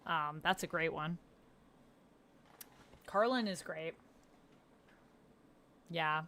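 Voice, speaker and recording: A bubbly woman chatting with her live-stream viewers from home. She rambles cheerfully, laughs easily and jumps up in pitch whenever something catches her off guard. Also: very slow, pushed and bright, slight background noise. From Canada. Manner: bubbly and rambling, reads chat aloud, laughs often; pitch leaps up when surprised. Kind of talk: casual live-stream chat.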